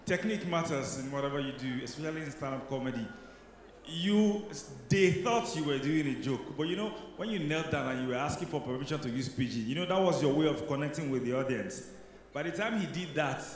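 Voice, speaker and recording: Male talent show judge in a very echoey hall. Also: fairly high pitch. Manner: measured, encouraging, with frequent "you know". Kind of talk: giving feedback. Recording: very echoey hall with long reverb.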